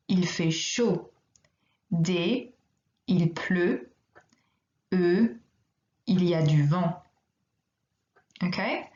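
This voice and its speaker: Slow, careful woman teacher, echoey. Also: on the low side, darkish tone. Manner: slow, careful, repeats each phrase. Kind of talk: recorded language lesson. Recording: echoey, slightly dull recording.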